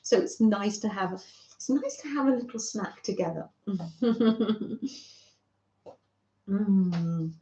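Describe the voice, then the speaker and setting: A woman hosting a craft channel, chatting gently and fondly with viewers on a livestream. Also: medium pitch, takes it slowly, pauses often, roomy sound, highs cut off. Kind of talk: casual livestream chat with viewers.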